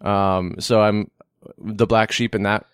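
Male co-host, low-pitched, chatty, laughs easily, dry studio sound. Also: little pitch movement, slow pace, clean tone, no echo. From New Hampshire. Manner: giggly, chatty, goofy asides. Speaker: podcast co-host. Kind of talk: casual chat with scene reading.

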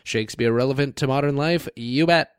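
A man's voice: medium pitch, fairly quick, clean tone, no room sound, studio quality. A man co-hosting a casual podcast, joking and self-deprecating with rambling asides. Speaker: podcast co-host.

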